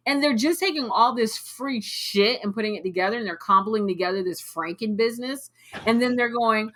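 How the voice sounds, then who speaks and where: Brief: bright, fairly high-voiced woman coach, blunt and animated, swears freely, mimics clients. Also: a little fast. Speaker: sales coach. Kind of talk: live coaching call, blunt rant.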